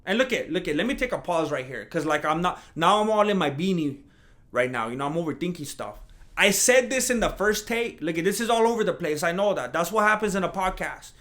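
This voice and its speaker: A man talking on a solo podcast in a casual, rambling way. His voice sits a little higher than most men's, and he jumps up into higher, mocking tones when he imitates critics. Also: brisk. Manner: rambling, animated, mocks imagined critics in a higher voice. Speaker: podcast host.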